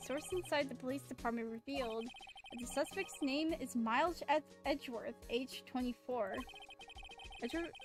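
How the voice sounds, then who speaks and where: A formal TV news anchor, read aloud by a woman in a game read-through. The delivery is even and bulletin-like while the voice itself sits high. Faint music plays in the background. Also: lightly acted.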